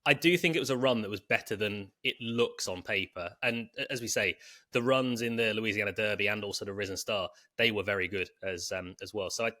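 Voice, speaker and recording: A man's voice: lowish voice, bright, forceful tone. A man co-hosting a podcast in casual chat, steering the segments and chatting about race runs. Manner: chatty, runs the show with subscribe plugs and quick asides. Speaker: podcast co-host. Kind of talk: casual horse racing preview chat.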